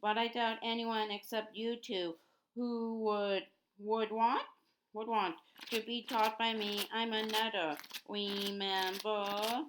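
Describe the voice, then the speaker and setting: A woman voicing a reluctant, self-doubting teenage boy wizard in her own voice, with halting restarts. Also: medium pitch, little pitch movement, a bit bright, low-quality recording. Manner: hesitant, halting.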